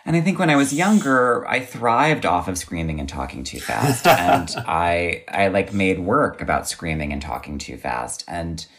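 A man's voice: low-pitched, animated, normal speed, hardly any pauses, fairly bright tone. A man talking reflectively in a casual conversation, often restarting his sentences. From United States.

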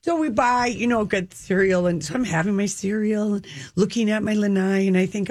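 A middle-aged woman telling a lively story in casual chat, her pitch leaping up for emphasis. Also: normal speed, no echo. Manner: animated storyteller, exaggerated pitch jumps.

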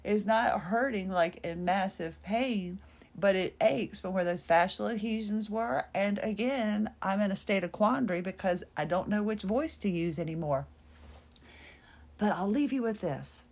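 A woman's voice: mid-range voice, a little slow, darkish tone. A woman hosting a solo podcast, chatting in a rambling, nostalgic, self-mocking way and trailing off mid-thought. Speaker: podcast host.

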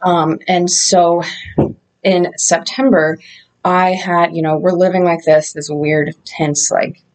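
Speaking slowly in a level, lowish voice with a darkish tone, an Indiana woman who vlogs shares her personal story. Her casual storytelling is candid and reflective, with relaxed, loose wording.

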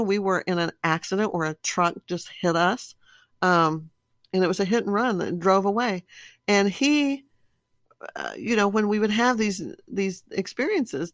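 A woman's voice: medium pitch, dry recording. A middle-aged woman speaking casually and telling stories with animation, acting out her own reactions as she explains personality disorders.

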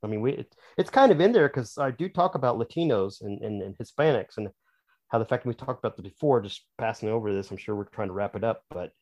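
A man's voice: lowish voice, lively intonation, quick pace, a little mellow. A man, an author and podcast guest, explaining his views at length in casual, opinionated conversation.

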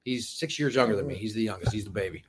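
A man who is a school board candidate, chatting casually as a podcast guest and telling stories with animated energy. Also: lowish voice, fast, breathy edge. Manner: animated storyteller, swears casually.

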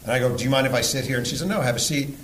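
A man's voice: medium pitch, very fast, fairly bright tone, echoey room, a little hiss or hum, low-quality recording. A man from New York hosting a podcast, telling an earnest, emotional story before a live audience, with blunt swearing. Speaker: podcast host and sportswriter.

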